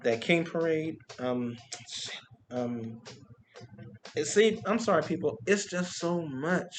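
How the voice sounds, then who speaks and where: Excited high-voiced man telling street-show stories. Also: slow, slight background noise. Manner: animated, excited storytelling with vocal sound effects. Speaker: street performer. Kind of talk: casual storytelling monologue. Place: Compton.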